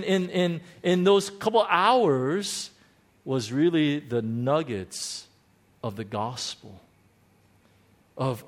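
A pastor preaching a heartfelt testimony sermon, stumbling and restarting, swinging from hushed confession to exclaiming joy. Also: male voice, mid-range voice. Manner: emotional, halting, many restarts, swings between hushed and exclaiming.

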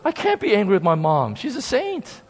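A man preaching a sermon, telling a story with animated emphasis and frequent repeated words. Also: high voice, moderate pace. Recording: long hall reverb.

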